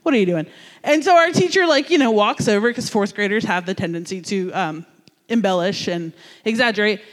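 A man from New Jersey giving a sermon as a youth pastor, telling a story in an animated, jokey, conversational way. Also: high voice, brisk, long reverb tail.

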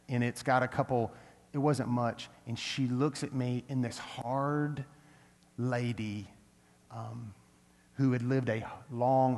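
An earnest male pastor delivers a sermon with a personal story, his ordinary middle-pitched voice shifting between casual storytelling and bursts of emphatic preaching. The long reverb of a large church hall rings around his words.

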